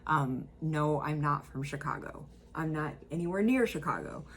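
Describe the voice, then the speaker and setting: Low-pitched young woman, Midwestern accent, rambling casual commentary, faint background noise. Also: expressive, moderate pace. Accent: Midwestern American. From central Illinois, USA. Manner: rambling, full of ums and likes. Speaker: YouTuber.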